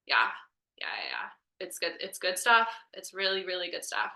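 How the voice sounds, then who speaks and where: A woman client reflecting on her session in a halting, heartfelt way, with many fillers. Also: lowish voice, very animated, creaky, bright, forceful tone, echoey room. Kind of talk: reflective conversation.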